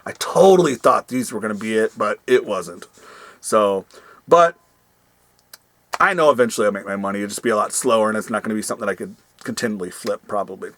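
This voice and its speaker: A man's voice: lowish voice, fast talker, fairly bright tone. A man who resells goods, chatting casually in a rambling way with many asides. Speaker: reseller vlogger. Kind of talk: casual storytelling vlog.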